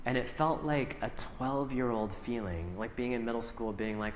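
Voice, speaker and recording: A middle-aged man speaks onstage in a large hall, his voice carrying a long, roomy echo. He recounts his own story openly and acts out his past words, at an ordinary pitch. A faint hum sits behind him. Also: moderate pace, hardly any pauses. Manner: animated, acts out his own past lines, laughs often. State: briefly emotional. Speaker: author and actor, keynote guest. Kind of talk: onstage conversation, personal storytelling.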